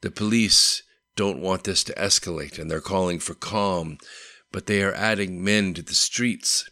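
A man's voice: low voice, measured pace, bright, forceful tone, no room sound. A man voicing an earnest, loyal male delivery manager who speaks in a heartfelt way.

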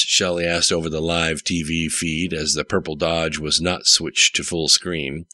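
A man's voice: little pitch movement, a little slow, hardly any pauses, bright, forceful tone, no echo. A man narrating a story aloud, reading every character's lines himself. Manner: reads all characters in a mostly plain voice, rising pitch for dialogue. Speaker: audiobook narrator. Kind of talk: scripted narration.

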